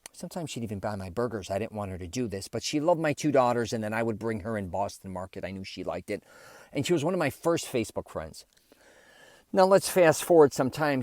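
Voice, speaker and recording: Candid low-voiced male podcast host. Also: darkish tone, no echo, studio quality. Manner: rambling, candid, self-reflective with many fillers. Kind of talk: casual solo podcast monologue.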